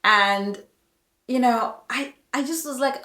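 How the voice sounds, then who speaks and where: A woman nurse talks straight to the viewer, chatty and emphatic, giving health advice in a casual vlog. Her voice sits a little high and she takes her time with each phrase. The room around her rings with echo. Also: a little slow, bright, forceful tone.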